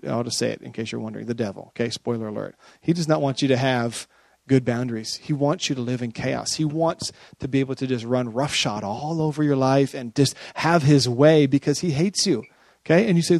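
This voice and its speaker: A man's voice: mid-range voice, fairly quick, darkish tone, no echo. A man preaching a sermon as a pastor, chatty and often checking in with his listeners. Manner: conversational, often checks in with the audience.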